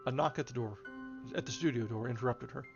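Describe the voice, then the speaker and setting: A man reading a novel aloud in a measured way, now and then correcting a slip. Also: mid-range voice, gravelly. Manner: measured, occasional self-corrections. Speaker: reader. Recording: slightly dull, faint music behind.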